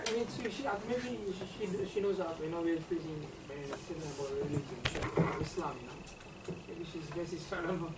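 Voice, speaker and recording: Hesitant man recounting a story from far off. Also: fairly high pitch. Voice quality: halting, hesitant, repeats words. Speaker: trainee in the audience. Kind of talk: telling an anecdote in a group discussion. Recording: echoey room, mic far off, background noise.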